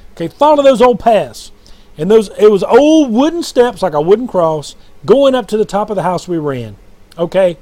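A man's voice: high-pitched, darkish tone. A man preaching and recounting a dream in a rambling, repetitive, fervent way, often calling out to "brothers and sisters.". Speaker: self-styled prophet and preacher. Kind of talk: late-night dream testimony and preaching. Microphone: recorded alone at night.

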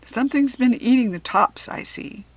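A woman voicing a patient farmer father who teases his daughter calmly. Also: on the high side, moderate pace, dry recording, voice pushed up.

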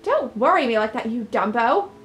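A woman's voice: sing-song, normal speed, faint music behind, rough recording. A woman voicing a caring, blunt young man with rabbit ears in a game, brash and teasing. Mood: scolding. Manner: brash and teasing, raised pitch.

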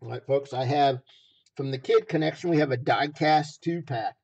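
A hoarse man running a live stream auction, repeating phrases as he hypes each item from a basement room. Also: mid-range voice, normal speed, darkish tone, muffled recording.

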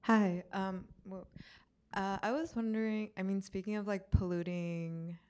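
A woman's voice: mid-range voice, fairly even intonation, unhurried, darkish tone, clear, resonant tone. A woman in the audience asking a question, hesitant and full of fillers.

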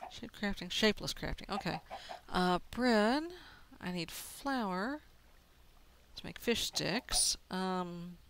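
A woman's voice: lowish voice, lively intonation, slow, a bit bright, slight background noise. A woman casually commenting on her own gameplay, talking to herself and laughing at her mistakes. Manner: chatty, self-narrating, laughs at mistakes. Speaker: let's play gamer.

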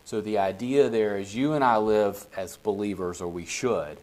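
A man's voice: fairly low pitch, normal speed, hardly any pauses, darkish tone. A man leading a casual Bible study, talking in a conversational way and often checking in with the group.

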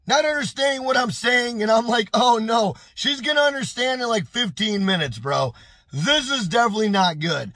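Man, high-pitched voice, dry close sound, casual storytime vlog, animated, exclaiming, repeats phrases. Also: moderate pace, no echo. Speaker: YouTube storyteller.

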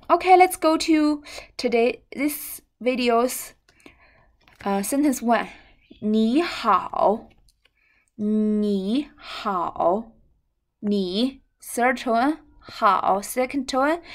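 Slow Chinese-accented woman teaching. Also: sits high. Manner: slow, repeats words and drills syllables. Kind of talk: language lesson.

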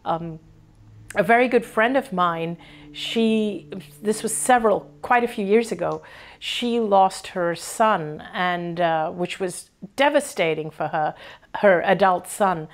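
A woman hosting a live-stream conversation, speaking warmly and effusively and reading viewer comments aloud. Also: fairly low pitch, slow. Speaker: host.

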